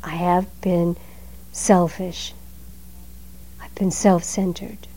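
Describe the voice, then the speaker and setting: A woman delivers a Zen dharma talk at an unhurried pace. Her tone is mellow and her phrasing is measured and emphatic, with line endings that fade away quietly. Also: fairly low pitch, level tone, poor audio.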